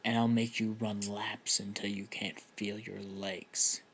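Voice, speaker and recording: A man voicing a stern, gruff male teacher hero who growls out low, half-whispered threats. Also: level tone, slow pace, a bit bright, slight background noise. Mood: stern, threatening.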